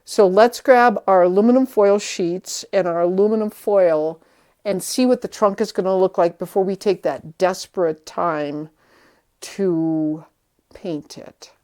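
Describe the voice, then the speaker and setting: A vlogger fixing up a vintage tree gives casual hands-on how-to narration in a lowish, darkish voice at a slightly slow pace. She talks to herself as she works, chatty and a little nervous.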